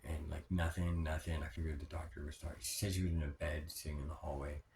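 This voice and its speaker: A man's voice: a bass voice, level tone, fast talker, gravelly, few pauses. A man telling a personal diary vlog, rambling with many fillers, sometimes dropping to a near whisper and swearing when upset. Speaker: vlogger. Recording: echoey room with background noise.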